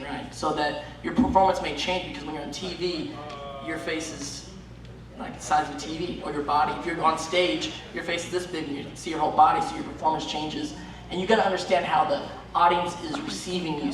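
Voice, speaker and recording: Actor guy on a con panel, higher voice, super echoey hall, noisy far mic. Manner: earnest, instructive. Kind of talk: convention panel talk. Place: large convention panel room.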